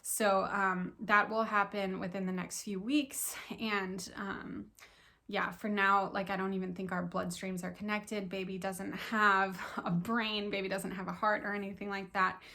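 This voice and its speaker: A young woman talking casually to camera about her week, chatty and excited, with many fillers. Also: medium pitch, measured pace. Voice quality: creaky. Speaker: vlogger sharing pregnancy update.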